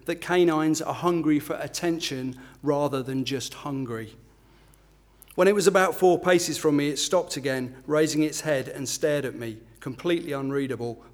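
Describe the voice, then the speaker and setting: A man's voice: fairly high pitch, a little mellow. A middle-aged man, an author from England, giving a self-deprecating talk with filler ums and then reading a passage from his book.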